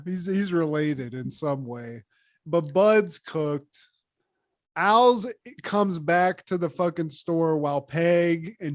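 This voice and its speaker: Man, podcast co-host, swearing, lively retelling, somewhat high voice, dry close sound. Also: no room sound. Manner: profane, animated retelling, trails off low when addressing his co-host. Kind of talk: casual chat recapping a sitcom episode.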